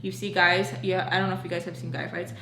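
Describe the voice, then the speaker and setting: A young woman telling a personal story to her viewers in a chatty, animated way, full of fillers and acted-out quotes. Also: on the low side, fast, roomy sound, a little hiss or hum. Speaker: storytime vlogger. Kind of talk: casual storytelling.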